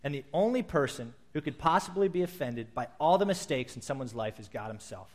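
A man's voice: mid-range voice, expressive, a little fast. A man, a pastor, preaching a sermon to his congregation in a conversational way, acting out quotes as he goes.

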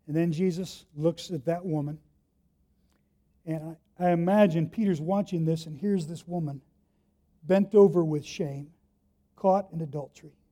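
High-voiced, warm male preacher. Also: a little slow, pauses often. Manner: vivid storytelling with big swings between soft and loud. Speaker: pastor. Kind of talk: sermon.

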